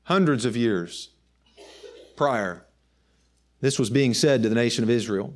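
A man's voice: medium pitch, measured pace. A man preaching a sermon with emphasis, reading old scripture aloud.

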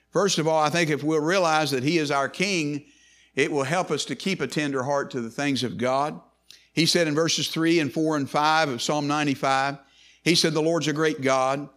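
A man's voice: on the high side, a bit bright. A man preaching a sermon in an emphatic way, often restarting and repeating words.

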